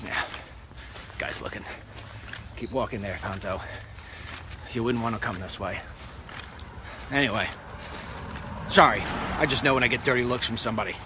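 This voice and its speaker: A man's voice: mid-range voice, normal speed, long pauses. A man walking outdoors while giving a blunt, rambling political monologue straight to the camera, with street traffic passing. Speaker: political commentator. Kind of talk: walk-and-talk vlog monologue.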